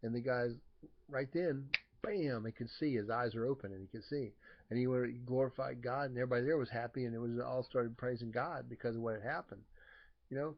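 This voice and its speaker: Casual male lay preacher, mid-pitched, loose rambling delivery with fillers, slightly muffled lo-fi recording. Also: brisk. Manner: rambling, many fillers and restarts, acts out voices loudly. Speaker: lay preacher sharing a Bible story. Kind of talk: casual informal sermon.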